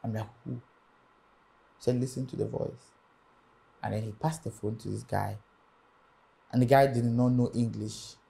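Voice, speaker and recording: Young man, music artist, animated storyteller, acts out quotes. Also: medium pitch, normal speed, gravelly, pauses often. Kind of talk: storytelling interview.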